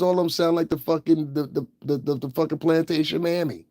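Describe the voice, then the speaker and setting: A man's voice: on the high side, flat delivery, brisk, few pauses, mellow, no room sound, studio quality. A man hosting his own channel, giving blunt, profane and scornful commentary. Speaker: channel host. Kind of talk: ranting livestream commentary.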